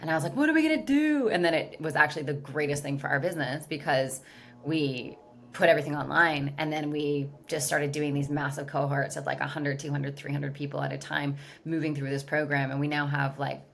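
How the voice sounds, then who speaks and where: A woman's voice: low-pitched, little pitch movement, brisk, creaky, hardly any pauses, faint music behind. A woman guest in a casual podcast interview, telling her story candidly and animatedly with lots of "like" fillers. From California, USA. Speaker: guest, business founder.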